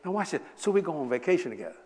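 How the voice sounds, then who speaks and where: A man in his seventies preaching a sermon, telling a personal story with lots of laughter and sudden loud bursts. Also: on the high side, very fast. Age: 70s. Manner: animated, laughing, bursts of shouting. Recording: echoey hall.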